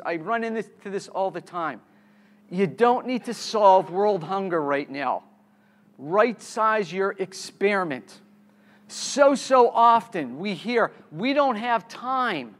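A man's voice: high voice, a bit bright. A man giving a live keynote talk on a conference stage, quizzing the audience and repeating key words, with frequent restarts.

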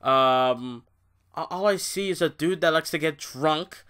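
A young man rants through a review, swearing freely and sounding fed up. He talks slowly, dropping into low grumbles and then flaring up loud. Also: clear, resonant tone. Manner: profane, exasperated, swings from loud outbursts to low muttering. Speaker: wrestling show reviewer. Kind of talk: ranting show review.

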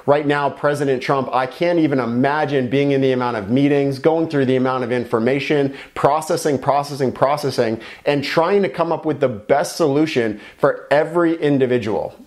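Brief: man, pastor type, earnest and encouraging, mid-pitched voice, conversational devotional. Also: a little mellow. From United States. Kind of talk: short devotional message.

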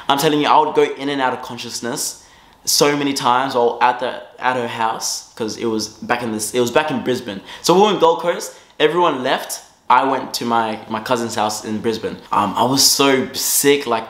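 A young man telling a casual story-time tale in an animated way, swinging between loud bursts and low asides. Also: normal speed. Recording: roomy echo.

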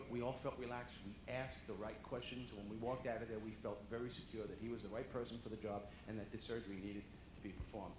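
A male comedian telling animated stand-up stories to a dinner audience, often jumping into loud character voices. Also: mid-range voice. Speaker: comedian and motivational speaker. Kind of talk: stand-up storytelling. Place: banquet hall before a dinner audience. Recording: echoey hall with audience noise.

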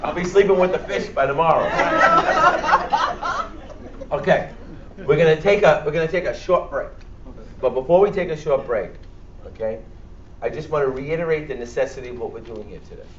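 Bronx-accented doctor, slightly high voice, blunt and joking, recorded far off in an echoey hall. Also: male voice, brisk, pauses often, slight background noise. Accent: Bronx New York. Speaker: doctor leading a church health workshop. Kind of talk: lively workshop talk to a church audience. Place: church hall, speaking to a live audience. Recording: echoey hall, distant and dull.

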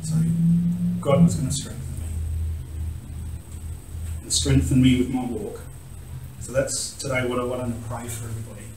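A man's voice: mid-range voice, fairly even intonation, normal speed, long pauses, background noise. Man, guest preacher, emotional testimony, distant mic in reverberant church hall. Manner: emotional, laughing at himself, acts out quoted voices. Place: church sanctuary. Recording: echoey church hall from far off.

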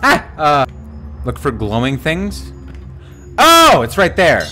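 A man's voice: a little high, wildly swooping pitch, takes it slowly. A young man giving live gameplay commentary as a streamer, jumpy and swearing, with sudden yelps and squeals. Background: game music.

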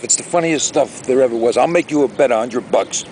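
A man's voice: medium pitch, brisk, darkish tone, a little hiss or hum, rough recording. A man talking casually to his camera outdoors by a lake, rambling and ranting in a chatty vlog. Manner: rambling, chatty, exaggerated rants. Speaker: vlogger.

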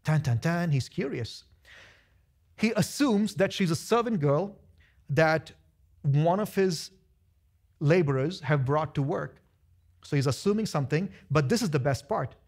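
Pastor guy preaching, kinda high voice w some gravel, acts out ppl in his stories. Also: lively intonation, a little slow, pauses often, a little mellow. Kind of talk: sermon. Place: church sanctuary.

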